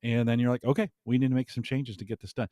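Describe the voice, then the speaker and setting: A man talking as a guest in a casual podcast chat, animated and often chuckling, with frequent restarts. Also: mid-range voice, fast, no echo, clean studio sound.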